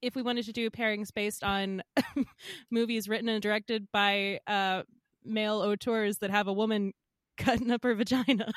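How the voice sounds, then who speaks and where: A woman's voice: mid-range voice, moderate pace, dry recording, studio quality. A young woman co-hosting a podcast, giggling often and acting out quotes as she talks. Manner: giggly, animated, quotes people. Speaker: podcast co-host. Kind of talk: casual film chat.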